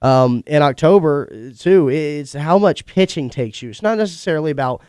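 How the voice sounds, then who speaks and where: A young man with a congested, stuffy voice hosts a college radio sports show, talking through the week's games in a chatty, opinionated way with quick asides. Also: a little high, expressive, darkish tone, clean tone, no room sound, clean studio sound. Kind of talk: casual sports talk monologue. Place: studio.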